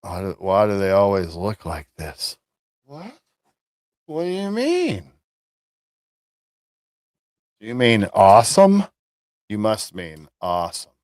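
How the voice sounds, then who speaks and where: A man chatting on his livestream in a sarcastic, offhand way, often stopping and restarting his words. His voice sits in a middle pitch and sounds dry and close. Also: wildly swooping pitch, a little slow, a little mellow, no echo. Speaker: livestream host. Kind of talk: casual livestream chat.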